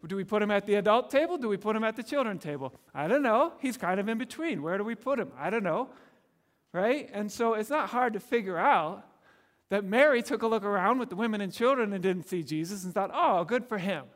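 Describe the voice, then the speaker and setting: A man preaching a sermon in a conversational, animated way, often laughing and acting out the people in the story. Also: high-pitched, a little fast, long reverb tail. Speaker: pastor.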